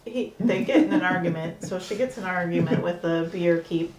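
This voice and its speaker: A woman's voice: lowish voice, normal speed, distant mic, over a noisy crowd. Chatty woman in an echoey room. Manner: chatty, laughs easily. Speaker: podcast co-host. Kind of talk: casual episode review chat.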